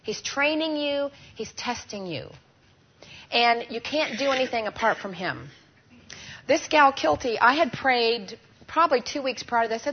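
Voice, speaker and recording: Husky-voiced woman teaching, dull recording. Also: on the high side, expressive, normal speed. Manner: asks the audience questions and has them fill in words. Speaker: Bible teacher at a women's gathering. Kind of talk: lively teaching talk.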